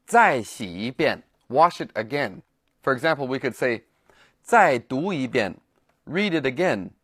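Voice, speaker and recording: A man's voice: mid-range voice, fairly bright tone, no room sound, clean studio sound. A man teaching a language lesson, explaining words and repeating example phrases in a scripted narration.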